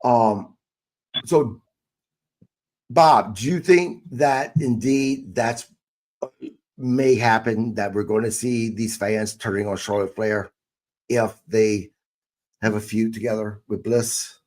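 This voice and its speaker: A man's voice: on the low side, slow pace, long pauses, a little mellow. A man hosting a casual wrestling podcast, putting questions to his co-hosts. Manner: asks co-hosts questions, reads listener questions. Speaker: podcast host.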